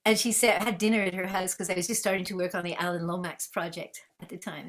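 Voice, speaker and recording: A woman from Canada, a guest musician and researcher, telling anecdotes in a lively conversational way over a video call. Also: fairly low pitch, fast, few pauses. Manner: lively, acts out dialogue in anecdotes. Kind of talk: conversational storytelling.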